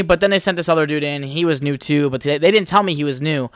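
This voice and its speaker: A man's voice: fairly high pitch, fast, hardly any pauses, fairly bright tone, clean tone, no echo, studio quality. Rambling, foul-mouthed young man. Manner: crude, rambling, swears freely. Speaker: podcast host. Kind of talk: casual solo podcast rambling.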